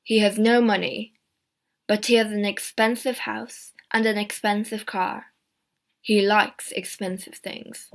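A woman voicing a calm male police inspector who questions suspects in a measured, steady way. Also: medium pitch, natural voice. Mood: accusing.

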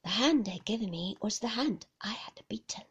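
A woman narrating a classic novel in a hushed, slow storybook reading. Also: medium pitch, lively intonation, breathy edge, muffled recording.

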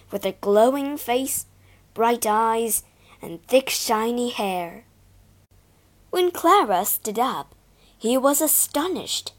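A woman reading a storybook aloud to learners, clear and expressive. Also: on the high side. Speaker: storybook reader. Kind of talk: slow read-aloud story narration for learners.

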